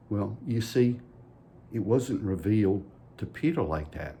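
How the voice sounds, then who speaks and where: A man's voice: fairly low pitch, lively intonation, unhurried, dark tone, a little hiss or hum. A man giving a children's message at church in a folksy way, asking the kids playful questions. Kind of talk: children's sermon.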